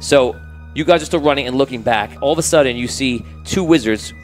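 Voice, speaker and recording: A man's voice: mid-range voice, fairly quick, faint music behind, poor audio. A man narrating as game master of a tabletop game, setting scenes cinematically and rambling with restarts and fillers.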